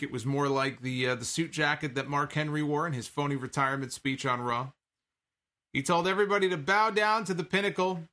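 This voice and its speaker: A man's voice: on the high side, bright, forceful tone. A man casually recapping a wrestling show, chatty and sarcastic, swearing now and then. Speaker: wrestling podcast host.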